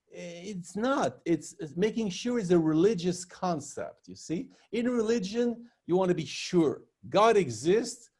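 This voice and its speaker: A man with a fairly high, husky voice leads a philosophy session over a video call. His pitch swings animatedly as he teases and corrects participants bluntly, with frequent laughs. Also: dark tone. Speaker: philosophy workshop facilitator. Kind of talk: blunt live coaching.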